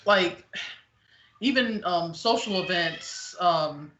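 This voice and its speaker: A woman hosting a podcast in casual, opinionated chat, blunt and animated, often acting out the people she quotes. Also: on the low side, slow. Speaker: podcast host. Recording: echoey, dull lo-fi room.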